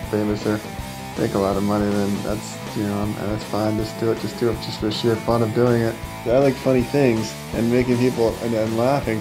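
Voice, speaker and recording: A man doing a stand-up comedy set, rambling with halting, stammering restarts. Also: mid-range voice.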